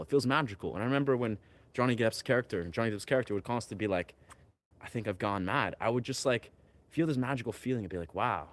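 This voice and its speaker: A man talking in a rambling, dreamy way, full of fillers, while out among pine trees. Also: lowish voice. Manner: dreamy, wandering, filler-heavy musing. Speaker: vlogger. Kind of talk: rambling outdoor vlog talk.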